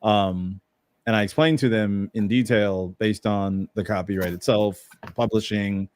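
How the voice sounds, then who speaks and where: A man with a fairly low voice talks casually on a podcast. He explains things in a relaxed, halting way, full of fillers, and the sound is close and dry with no room around it. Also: no room sound. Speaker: podcast co-host. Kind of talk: casual chat.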